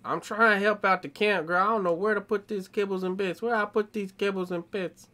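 Young male streamer, bright voice, slangy casual commentary. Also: sits high, fairly even intonation, a little fast. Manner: slangy, talks back to game characters. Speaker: gaming streamer.

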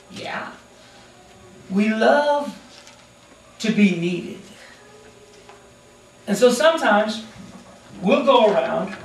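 Man, pastor, sermon, high voice, roomy church, distant mic. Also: a little hiss or hum. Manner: animated, acts out characters in quick asides. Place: church sanctuary.

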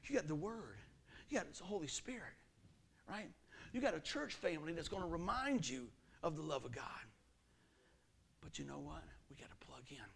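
A middle-aged man preaching a sermon in a folksy, animated way, his pitch and volume jumping often. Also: moderate pace, gravelly, pauses often, husky. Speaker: pastor.

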